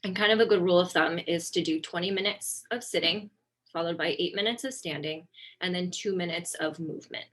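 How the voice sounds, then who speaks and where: A little fast and low-pitched, a female occupational therapist talks through slides in an informal webinar. Her delivery is easygoing and conversational, with many ums and self-corrections.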